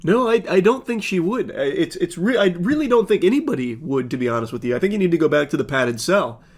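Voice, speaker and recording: A man giving sarcastic commentary on messages he reads out, with a deadpan, mocking delivery. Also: a little high, fast talker.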